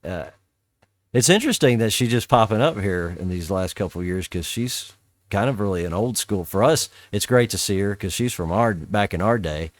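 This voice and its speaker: A middle-aged man talks through a show in loose, rambling podcast chat, cursing casually as he goes. His voice sits on the low side, and the sound is dry and close with no room around it. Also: animated, moderate pace, dry recording. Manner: rambling, swears casually, quotes scenes in voices. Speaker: podcast host.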